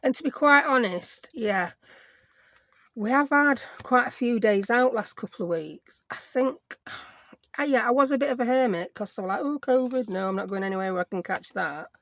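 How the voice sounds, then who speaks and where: A woman's voice: on the high side, lively intonation, moderate pace, fairly bright tone, dry recording. Yorkshire lady nattering away while she crafts, middle-aged, chatty, pokes fun at herself. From Yorkshire, England. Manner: rambling, chatty, self-mocking. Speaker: crafting channel host. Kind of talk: casual chatty crafting vlog.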